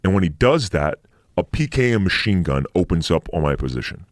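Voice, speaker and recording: A man's voice: low voice, sing-song, brisk, no room sound, clean studio sound. A middle-aged man, a military veteran and podcast guest, telling war stories in a blunt, profane, casual way, sometimes making sound-effect noises. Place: podcast studio.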